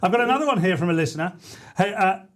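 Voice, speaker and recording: A man's voice: sits high, expressive, racing. A man hosting a comic radio show, reading out listener letters in a mock-earnest way and breaking into giggles. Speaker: radio host. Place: radio studio.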